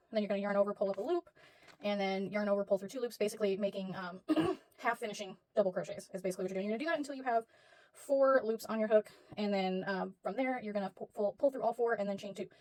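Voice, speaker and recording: A woman's voice: mid-range voice, a little mellow. Chatty woman teaching crochet. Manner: rambling, self-deprecating, chatty with fillers. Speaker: crochet tutorial host. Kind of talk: casual tutorial talk.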